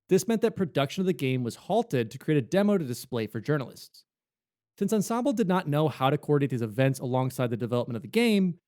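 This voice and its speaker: A man co-hosting a gaming podcast in casual chat, jokey and animated, slipping into quick silly voices. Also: medium pitch. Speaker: podcast co-host.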